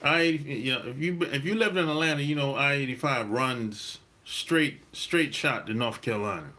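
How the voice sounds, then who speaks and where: A man hosting a dating-advice channel, talking in a relaxed, rambling monologue, repeating his points and laughing often. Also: medium pitch, moderate pace. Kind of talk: casual monologue.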